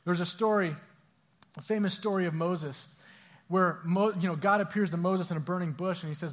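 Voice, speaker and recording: Young pastor with a high, lively voice; relaxed sermon delivery, slips into acted voices. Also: male voice, moderate pace. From Southern California. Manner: casual, animated, acts out voices, stammering restarts.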